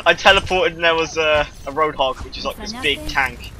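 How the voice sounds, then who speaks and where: A man hosting a gaming video, giving excited gameplay commentary and shouting at the game. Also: a little high, moderate pace. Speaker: gaming channel host.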